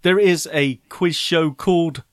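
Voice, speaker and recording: A man's voice: fairly high pitch, no room sound, studio quality. A British man co-hosting a podcast in a chatty, joking way. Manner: chatty, jokey, quick to laugh. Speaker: podcast co-host. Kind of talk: casual chat.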